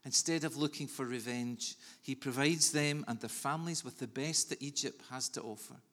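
A man preaching a sermon in an earnest, measured way with soft pauses. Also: medium pitch. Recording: long reverb of a large hall.

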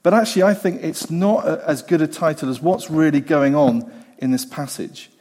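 Male preacher, lively storyteller, slightly high voice, long hall echo. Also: normal speed. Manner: animated, acts out the voices of the people in the story. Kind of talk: sermon.

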